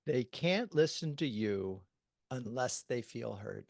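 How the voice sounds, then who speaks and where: A man's voice: medium pitch, lively intonation, slow, vocal fry, darkish tone, no echo. A male podcast host thanking his guest at the close of an interview, effusive and full of filler words.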